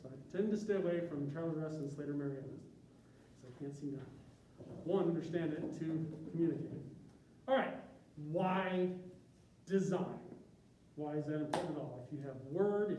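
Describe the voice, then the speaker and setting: A man's voice: on the high side, moderate pace, mellow, a little hiss or hum. A man from Chicago, a university graphic artist, giving an informal, self-deprecating talk to a class. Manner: self-deprecating, joking, chatty with tangents. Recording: echoey room from a distance.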